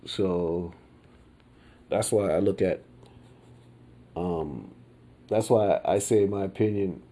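A man with a low, dark voice hosts a podcast from the United States. His monologue is casual and slow, wandering between thoughts with frequent fillers, restarts, and colloquial phrasing.

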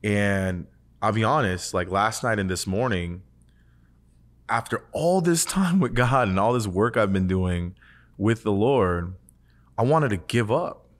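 A man with a fairly low voice talks casually on a faith podcast. He tells his story earnestly, rambling and restarting often, with "like" scattered through his sentences. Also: expressive, unhurried. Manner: earnest, rambling, heavy use of "like". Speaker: podcast co-host.

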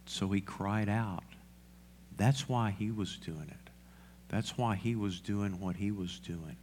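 A man's voice: on the low side, takes it slowly, a little mellow, slight background noise. A male pastor preaching a sermon, asking the congregation questions and repeating lines for emphasis.

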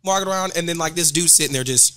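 A man who is a guest performer, chatting casually at a bar, playful and quick to jump in. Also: fairly high pitch, fairly bright tone. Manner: playful, interjecting.

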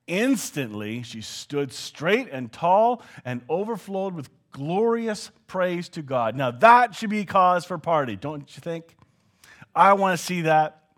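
A Canadian man preaching a sermon, animated and joking, sometimes dropping to a hushed tone. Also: a little high, takes it slowly. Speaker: pastor.

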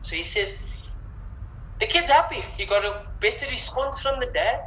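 Woman storyteller, casual and animated, bright tone; echoey, dull recording. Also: a little high, moderate pace, slight background noise. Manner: animated, repeats words. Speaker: guest.

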